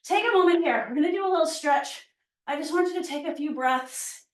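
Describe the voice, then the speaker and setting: High-voiced fitness lady coaching while she works out, winded, echoey room, mic kinda far away. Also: a little fast. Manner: encouraging, counting down reps while exercising. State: out of breath. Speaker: fitness instructor. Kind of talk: workout class instruction.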